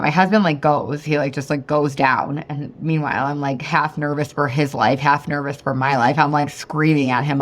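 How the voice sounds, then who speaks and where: A woman in her thirties hosting a podcast, telling a story in a chatty, animated way and often talking straight to her listeners. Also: low voice, normal speed, hardly any pauses. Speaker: podcast host and weight-loss coach. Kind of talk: casual storytelling monologue.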